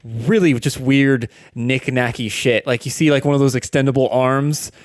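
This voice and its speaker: A man's voice: mid-range voice, fairly even intonation, normal speed, dry recording, studio quality. A man acting as dungeon master, narrating a tabletop game in a casual, filler-heavy way.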